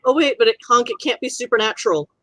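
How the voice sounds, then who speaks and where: A woman's voice: fairly high pitch, fast, pushed and bright, dry recording. A woman playing a tabletop role-playing game, asking questions in an inquisitive way and often restarting her words.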